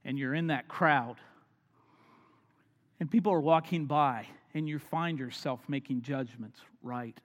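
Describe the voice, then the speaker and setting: A man preaching a sermon, swinging from loud emphatic lines down to hushed near-whispers. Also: medium pitch, unhurried. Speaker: pastor. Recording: long hall reverb.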